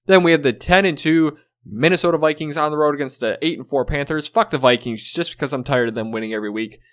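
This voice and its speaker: A man's voice: a little high, fast. A man hosting his own video of football game predictions, talking casually and bluntly, swearing and sounding fed up. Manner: blunt, profane, exasperated. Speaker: sports video host.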